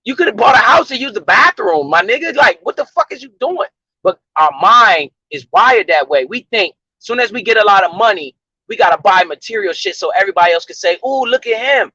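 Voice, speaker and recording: A man's voice: high-pitched, animated, a little fast, sharp tone, slightly rough, dry recording. A man hosting a livestream, giving a profane, emphatic and preachy casual rant to his viewers. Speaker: livestream host. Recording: dull lo-fi stream audio.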